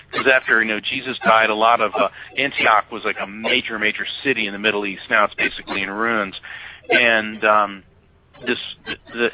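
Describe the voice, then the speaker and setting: A man guest on talk radio, an animated storyteller who laughs easily and talks expressively. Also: mid-range voice, slight background noise. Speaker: guest, psychic medium. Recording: dull lo-fi radio audio.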